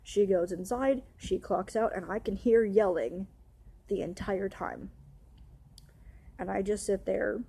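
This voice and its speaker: Young woman, upset vlog ranter, husky and mellow, rapid swearing run-ons. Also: medium pitch. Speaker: vlogger. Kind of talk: ranting storytime vlog.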